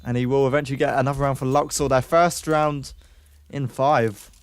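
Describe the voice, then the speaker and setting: This esports caster from the UK has a clear, resonant, medium-pitched voice and a moderate pace, recorded dry. He calls an online match play by play, rising sharply on kills and talking with stream viewers when rounds end.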